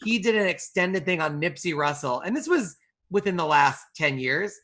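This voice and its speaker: A man's voice: on the high side, expressive, moderate pace, pushed and bright. A male comedian in casual chat, talking with enthusiasm.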